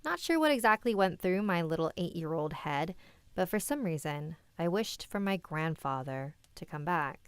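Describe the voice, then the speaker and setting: A woman's voice: lowish voice, animated, normal speed, clean tone, dry recording. A woman hosting a livestream, reading submitted scary stories aloud and chatting candidly with her viewers between them. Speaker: host and story reader.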